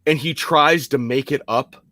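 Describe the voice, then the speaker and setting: A man's voice: mid-range voice, measured pace, bright, forceful tone, dry recording. Hesitant man in his forties, dry sound. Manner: hesitant, many fillers, self-deprecating. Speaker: podcast guest. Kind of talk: personal story in casual chat.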